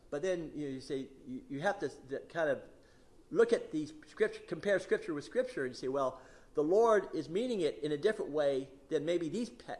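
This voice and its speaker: Male preacher, high and animated voice, casual teaching tone with frequent fillers. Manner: conversational, many fillers and restarts, quotes scripture with emphasis. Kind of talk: expository Bible teaching.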